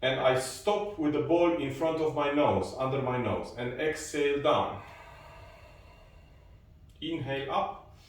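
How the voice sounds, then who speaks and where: Slow, calm man in an echoey room. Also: medium pitch, recorded from a distance, a little hiss or hum. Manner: slow, calm cueing of breaths and movements. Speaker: qi exercise instructor. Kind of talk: guided online exercise class. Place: room at home with a balcony door.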